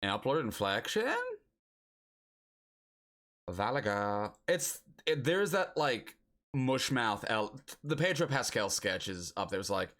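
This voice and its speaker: A man's voice: mid-range voice, expressive, takes it slowly, pauses often, fairly bright tone. A young man streaming a geography guessing game, chatting casually and musing aloud as he guesses locations.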